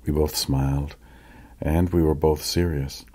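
Deep, husky male audiobook narrator. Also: steady tone, a little mellow. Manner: measured, reflective.

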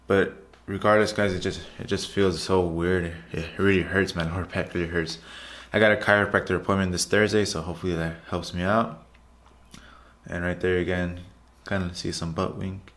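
Man, very low voice, casual fitness vlog, loose rambling chat. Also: flat delivery, normal speed, a bit bright. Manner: loose, repetitive, chatty, says "guys" often. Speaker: fitness vlogger. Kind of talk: casual voiceover over workout footage.

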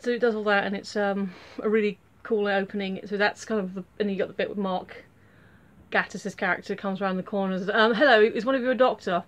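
A woman giving a casual spoken review, chatty and rambling, with lots of fillers and restarts. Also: mid-range voice.

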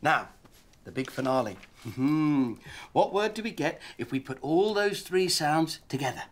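A man's voice: a little high, animated, a little slow. An older man playing a grandfather who cheerfully coaches his dog through letter sounds. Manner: cheery, encouraging teacherly tone. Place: outdoors in a garden and indoors at home.

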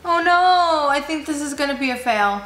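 A woman's voice: high-pitched, fast talker, a bit bright. A young woman with a slight lisp from braces, gushing to her viewers as she tests a makeup tool in a casual vlog. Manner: bubbly, gushing, addresses viewers as you guys. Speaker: beauty vlogger. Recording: echoey room with faint noise.

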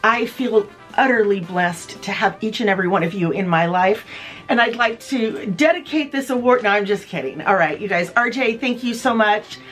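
A woman's voice: mid-range voice, moderate pace, hardly any pauses, a bit bright. Bubbly woman vlog host, chatty show-and-tell at home, faint music under her voice. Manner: bubbly, gushing, talks straight to viewers.

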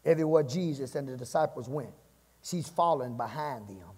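A male pastor preaching a fiery sermon, punctuating lines with "my God" and swinging between shouts and hushed passages. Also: mid-range voice, expressive, brisk, slightly rough, long reverb tail. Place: church sanctuary.

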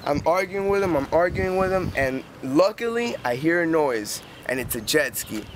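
A man's voice: a little high, lively intonation, normal speed. A young man telling a rambling, profane story outdoors beside a canal, speaking casually with lots of "like" and restarts. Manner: profane, rambling, heavy use of "like". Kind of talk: casual spoken anecdote. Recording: noisy outdoor recording with traffic. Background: outdoor street ambience with passing vehicles.

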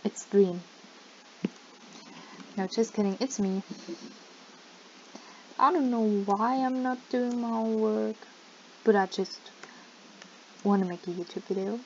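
A woman giving playful let's-play gaming commentary with sudden loud outbursts, her voice cracking. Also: mid-range voice, measured pace, long pauses. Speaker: gaming YouTuber. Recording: slightly dull lo-fi mic with faint noise.

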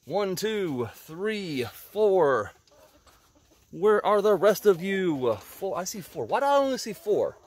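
Man, lively up-and-down voice, fairly high, rambling chores chat, outdoors by the pens, chickens clucking nearby. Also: takes it slowly. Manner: rambling, talks to his animals. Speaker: homesteading vlogger. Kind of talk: casual chat while doing farm chores. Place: outdoors at backyard animal pens.

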